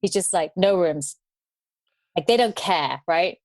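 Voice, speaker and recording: Lower-pitched woman telling travel stories. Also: normal speed, no echo. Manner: animated, laughs while telling stories. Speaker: podcast guest. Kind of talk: storytelling in casual conversation.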